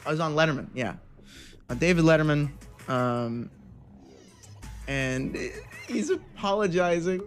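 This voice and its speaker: High-voiced rambling young male streamer. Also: expressive, a little slow, pauses often, faint music behind. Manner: rambling, self-interrupting, frequent restarts. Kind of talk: casual stream chat.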